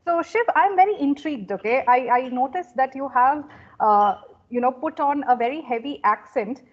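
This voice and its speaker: A woman's voice: high-pitched, animated, moderate pace, muffled recording. A woman from India hosting an interview as a communication coach, encouraging and full of affirmations. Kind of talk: conversational interview.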